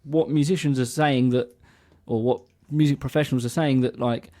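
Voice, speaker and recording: A man's voice: medium pitch, fairly even intonation, normal speed, dark tone. A man co-hosting a casual music podcast, explaining things at length in a chatty way. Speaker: podcast co-host.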